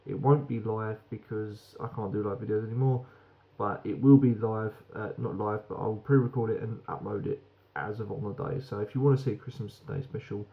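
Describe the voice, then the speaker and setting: A man's voice: lowish voice, brisk, gravelly, hardly any pauses, muffled recording. A British man giving a frank, rambling beer review that swears casually.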